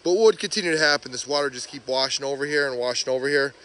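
A man vlogging outdoors by a pond, chatty and excited as he narrates while walking with a handheld phone. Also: mid-range voice. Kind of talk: casual outdoor vlog commentary. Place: outdoors by a pond and beaver dam. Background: rushing water.

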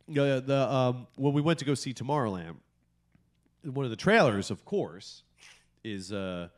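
A man, likely in his thirties, co-hosting a casual podcast and telling stories with lots of swearing and animated outbursts. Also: medium pitch, moderate pace. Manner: animated, profane storytelling. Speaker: podcast co-host.

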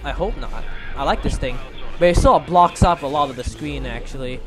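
A man giving excitable gameplay commentary, thinking aloud and swearing often. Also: a little high, brisk. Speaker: gamer playing a mech game. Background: background music.

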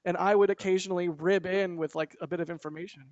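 A man hosting a live spaceflight show, chatting casually in an animated, self-mocking way over a call mic. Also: high voice, fast talker, no room sound, muffled recording. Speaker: host. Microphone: desktop mic on a video call.

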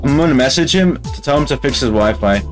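A man commentating on his own football game matches, excitable and yelling at the screen. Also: medium pitch, quick pace, faint music behind. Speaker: gaming channel host. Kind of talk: gaming commentary.

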